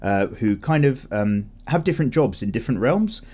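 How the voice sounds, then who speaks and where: A young man chats easily while he sketches, drifting from one thought to the next and correcting himself as he goes. His voice sits at a middling pitch but swings up and down freely, giving a relaxed, animated feel. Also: moderate pace. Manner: chatty, rambling, self-correcting with laughs. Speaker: art channel host. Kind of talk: casual chat while drawing.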